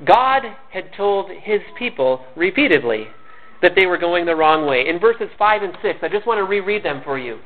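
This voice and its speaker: A man delivers a sermon in a slightly high voice, earnest and conversational, now and then stumbling over and repeating a word. The recording is thin and narrow, like a phone line. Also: very animated, normal speed. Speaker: pastor. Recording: tinny phone-like sound.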